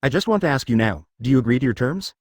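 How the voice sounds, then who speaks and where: Male reader as a scheming ninja boss, blunt and persuasive, brisk with an animated line. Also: mid-range voice, no room sound, studio quality, close to an everyday voice.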